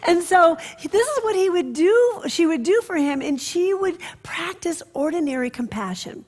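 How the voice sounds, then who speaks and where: A woman minister giving a sermon, telling stories in an expressive way that drops to soft, hushed passages. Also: sits high, brisk, hardly any pauses.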